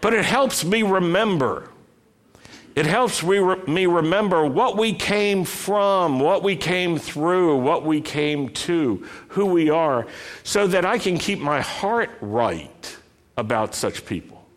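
A man's voice: high-pitched, animated, takes it slowly. A middle-aged man preaching a sermon to his congregation, asking rhetorical questions and telling family stories in a conversational way. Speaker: pastor.

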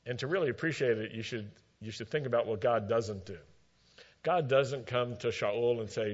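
A man preaching a sermon, retelling scripture with emphatic, measured storytelling and dry asides. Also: mid-range voice. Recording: dull lo-fi recording.

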